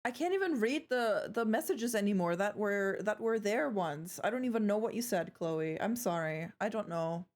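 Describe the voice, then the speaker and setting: A woman's voice: mid-range voice, animated, normal speed, hardly any pauses, a little mellow. A young woman streaming live, chatting playfully with her viewers, joking and swearing as she goes. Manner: playful, chatty, swears freely, trails off and restarts.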